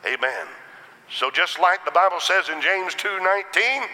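A man's voice: sits high, lively intonation, moderate pace, pushed and bright, long reverb tail, low-quality recording. A man preaching a sermon in a rhythmic style, punctuated with Amens.

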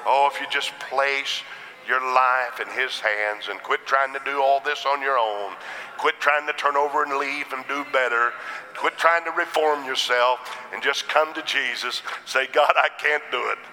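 Slow, bright-voiced preacher man. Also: medium pitch, steady tone, big-room sound, rough recording. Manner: rhythmic call-and-response preaching with Amens. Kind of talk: sermon.

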